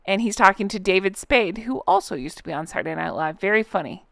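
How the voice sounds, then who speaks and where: A woman's voice: mid-range voice, animated, fast talker, vocal fry, dry recording, clean studio sound. A woman hosting a reaction channel, chatting to viewers with a giggly, casual manner and lots of fillers.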